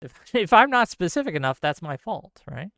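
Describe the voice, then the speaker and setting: A man hosting his live stream talks straight into a close mic with no room sound. His pitch swoops up and down as he rants and jokes sarcastically. His voice is smooth and clear. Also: normal speed, no echo. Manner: ranting, animated, sarcastic. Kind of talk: casual live stream chat reading viewer comments.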